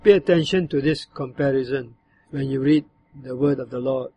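A man preaching a sermon, explaining a verse in a measured way and sometimes voicing other tones to show its meaning. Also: mid-range voice, warm tone, a little hiss or hum. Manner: measured, explanatory, acts out bitter and demanding tones when quoting. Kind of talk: sermon on a psalm.

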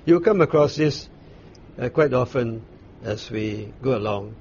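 A man leading a Bible study, explaining scripture in an unhurried way, pausing and restarting as he searches for words. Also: mid-range voice, lively intonation, a little mellow. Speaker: Bible teacher. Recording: dull lo-fi recording with faint noise.

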